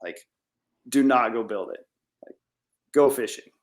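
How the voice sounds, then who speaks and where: A man's voice: mid-range voice, measured pace. Rambling man, casual filler-heavy talk. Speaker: farmer guest. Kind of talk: casual interview chat.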